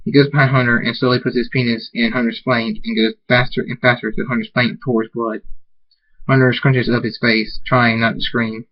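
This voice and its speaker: A man reading fan fiction aloud, halting and restarting words as he goes. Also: mid-range voice, flat delivery, muffled recording. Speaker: amateur reader.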